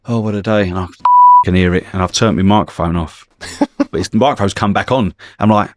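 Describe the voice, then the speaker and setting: A man's voice: deep voice, fairly quick, no echo, studio quality. A middle-aged man, telling swearing-laced anecdotes in a podcast interview and slipping into the voices of his passengers. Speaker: guest comedian and former cab driver.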